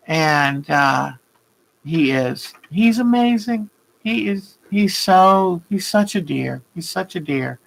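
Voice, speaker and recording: An older quilting vlog host chats casually and warmly with her live viewers, naming them as she greets them and wandering off on rambling asides. She has a low-pitched voice, and the audio is poor.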